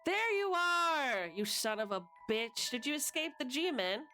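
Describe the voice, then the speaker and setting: A woman's voice: sits high, very animated, unhurried, bright, forceful tone, soft background music, voice pushed up, exaggerated voice. A woman voicing a portly, balding, cigar-smoking man in a transatlantic accent, brash and overfamiliar.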